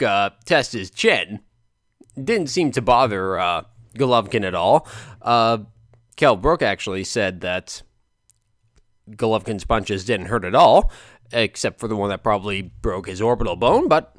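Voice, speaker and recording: A man talking through a boxing fight in a casual, animated monologue with lots of filler words. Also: fairly high pitch, no room sound, studio quality. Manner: animated, chatty, frequent fillers. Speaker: boxing commentator vlogger.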